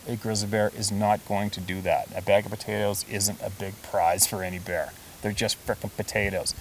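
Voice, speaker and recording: Low-voiced man telling stories, off-mic. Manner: chatty, emphatic, laughs while telling. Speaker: storyteller. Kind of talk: casual storytelling. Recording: distant mic with faint hiss.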